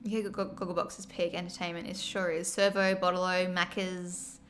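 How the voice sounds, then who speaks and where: A woman's voice: on the low side, little pitch movement, normal speed, faint music behind. An Australian woman streamer chatting casually and laughing as she reads her chat aloud.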